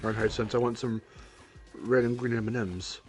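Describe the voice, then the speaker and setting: A man's voice: medium pitch, steady tone, normal speed, soft background music. A young man hosting a casual gaming stream, joking, rambling and laughing often as he chats. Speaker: streamer and host.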